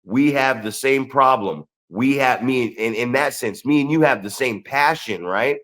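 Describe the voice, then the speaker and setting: A man's voice: mid-range voice, measured pace, a bit bright. A man co-hosting a casual podcast and talking off the cuff. He rambles, restarts his sentences and swears freely as he goes. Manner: rambling, profane, restarts often. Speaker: podcast co-host.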